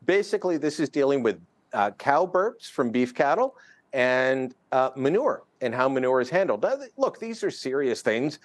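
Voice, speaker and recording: A man's voice: medium pitch, big pitch swings, moderate pace, no echo. A man giving opinionated, chuckling political commentary as a guest columnist over a remote link. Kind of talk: news interview commentary. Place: remote studio in another city.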